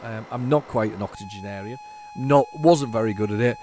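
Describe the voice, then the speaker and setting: A man's voice: medium pitch, huge pitch swings, fairly quick, warm tone, a little hiss or hum. A man hosting a retro gaming video, chatting casually and rambling through his commentary with many fillers and restarts.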